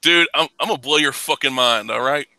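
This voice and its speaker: A man hosting a casual podcast chat, ranting with heavy profanity and bursting into loud laughs. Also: mid-range voice, brisk, clear, resonant tone, dry recording, rough recording. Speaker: podcast host.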